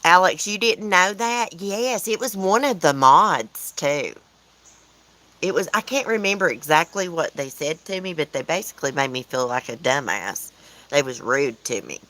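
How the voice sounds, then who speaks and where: Southern US woman, low register, rambling casual livestream host who chats back to her viewers. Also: lively intonation, moderate pace, bright, forceful tone, low-quality recording. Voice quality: chatty, rambling, answers chat comments aloud. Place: outdoors at home, windy.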